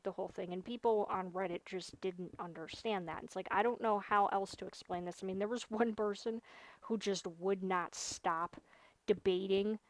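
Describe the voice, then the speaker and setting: A woman's voice: mid-range voice, no room sound. Brief: young woman livestreamer, chatty, venting, leans hard on repeated points. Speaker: gaming livestreamer. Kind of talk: casual chat while streaming a game.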